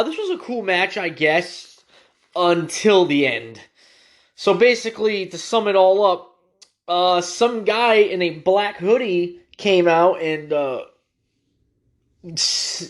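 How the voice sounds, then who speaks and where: A young man hosting a casual solo podcast, rambling with lots of fillers. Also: a little high. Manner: rambling, many ums and uhs, informal. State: clearing his throat after eating. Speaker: podcast host.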